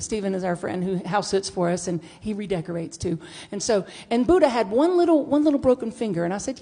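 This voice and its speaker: A woman minister giving a storytelling sermon, acting out dialogue with big jumps in pitch and loudness. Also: quick pace, few pauses. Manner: animated, acts out dialogue with big swings in pitch and volume. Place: church sanctuary.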